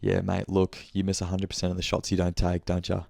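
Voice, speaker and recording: A man's voice: low voice, monotone, brisk, vocal fry, dark tone, no echo, studio quality. A young man telling a rambling story on his podcast, swearing and correcting himself as he goes. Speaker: podcast host. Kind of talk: casual monthly check-in chat.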